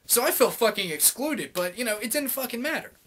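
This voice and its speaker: A man's voice: very high-pitched, expressive, brisk, a bit bright, a little hiss or hum. A young man venting in a casual, heavily profane rant to his camera, heated and sarcastic. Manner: swears constantly, heated and sarcastic. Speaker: vlogger.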